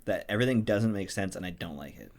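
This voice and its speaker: A man's voice: low-pitched, lively intonation, fast, a little mellow. A man casually co-hosting a game let's play, joking around and trailing off mid-thought. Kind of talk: casual gameplay commentary.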